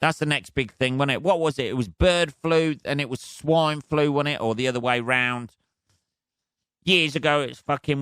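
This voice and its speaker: A man's voice: medium pitch, a bit bright, smooth, dry recording. A man hosting a solo podcast, ranting in a profane, rambling, sardonic way. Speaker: podcast host. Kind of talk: solo comedic rant.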